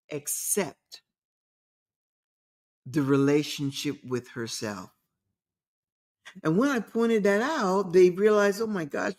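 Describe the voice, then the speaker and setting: Emphatic woman host, motivational talk. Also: fairly low pitch. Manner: emphatic, repeats key phrases. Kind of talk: motivational monologue.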